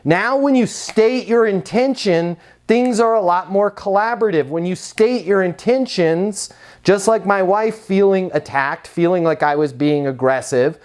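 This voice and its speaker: A man's voice: high-pitched, normal speed, darkish tone, clear, resonant tone. A middle-aged man giving a sales training talk, acting out short dialogues in other voices.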